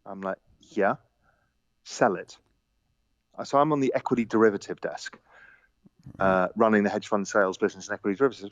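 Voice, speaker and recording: A man telling stories on a podcast as a guest, animated, laughing, quoting the people in them. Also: on the low side, brisk, pauses often, dry recording, lo-fi sound. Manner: animated anecdotes with laughter and quoted dialogue. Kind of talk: casual storytelling.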